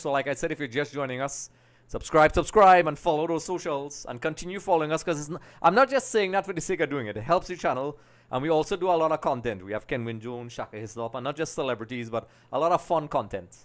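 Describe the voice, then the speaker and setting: A man hosting a live match watch-along, chatting with viewers and breaking into excited play-by-play. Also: on the high side, fast talker. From Trinidad and Tobago. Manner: chatty, reads comments aloud, bursts into excited play-by-play. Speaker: live stream host.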